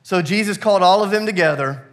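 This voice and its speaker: A male pastor preaching a sermon at a church service, animated and laughing often, with many fillers and repeated words. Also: high-pitched, quick pace.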